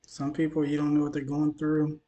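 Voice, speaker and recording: A man's voice: on the high side, monotone, fairly quick, mellow. A man from Mississippi, talking loosely in a news commentary vlog, tired and dehydrated after the gym, rambling and stumbling over his words. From Mississippi, USA. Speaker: news vlogger.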